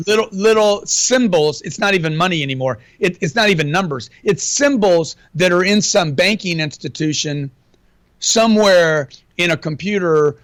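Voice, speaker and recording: A man's voice: sits high, normal speed, a bit bright, no room sound. A middle-aged man as an interview guest, talking in a brash, slangy, profane way and calling everyone man and dude. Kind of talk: casual interview talk.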